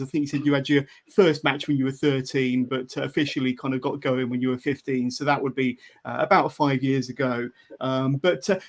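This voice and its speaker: A man hosting a live interview podcast, asking questions with frequent "uh" and "um" hesitations. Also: mid-range voice. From United Kingdom. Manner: hesitant, many "uh" and "um" fillers. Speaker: podcast host.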